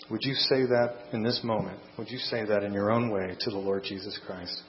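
A man preaching a sermon and closing in prayer, earnest and measured, speaking in short phrases. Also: on the low side, steady tone, roomy sound. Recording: dull lo-fi sound with faint mains hum.

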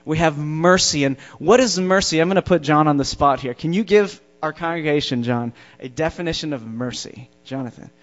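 Guy preaching in church, kinda high voice, leans hard on the big words, muffled lo-fi audio. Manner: emphatic preaching, slows and stresses key words. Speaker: pastor. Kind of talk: sermon. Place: church before a congregation. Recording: dull lo-fi sound.

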